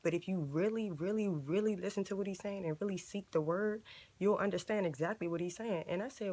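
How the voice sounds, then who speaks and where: A woman's voice: mid-range voice, fairly quick, darkish tone. A woman in her twenties hosting a ministry video, preaching casually to the camera in a conversational, emphatic way and repeating points for stress. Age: 20s.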